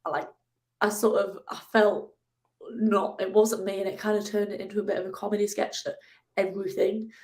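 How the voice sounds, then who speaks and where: A young woman, a guest telling a lively personal story in a casual interview, now and then acting out her own angry shouts. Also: brisk. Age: 20s. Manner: animated, acts out her own angry outbursts in a higher voice. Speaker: guest, ocean rower.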